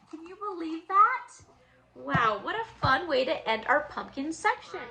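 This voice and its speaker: A woman teaching preschoolers and reading a picture book aloud in a cheerful, sing-song manner. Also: high voice. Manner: cheerful, sing-song storytelling for little kids.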